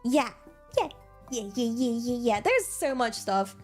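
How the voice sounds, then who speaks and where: A bubbly young Englishwoman chats on her livestream with a bright, fairly high voice that swoops up and down. She talks in an excitable, giggly way. Soft music plays faintly behind her. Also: unhurried. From England. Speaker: streamer. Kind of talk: casual livestream chat.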